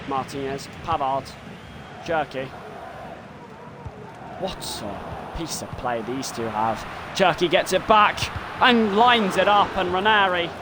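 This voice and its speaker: A man commentating his own football video game live, muttering play-by-play and swearing and yelling when things go wrong. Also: fairly high pitch, background noise.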